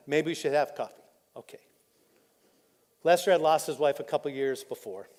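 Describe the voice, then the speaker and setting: A man pastor, preaching a candid, personal sermon that drops soft and choked up when he is moved. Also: on the high side. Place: church auditorium. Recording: live in a reverberant church hall.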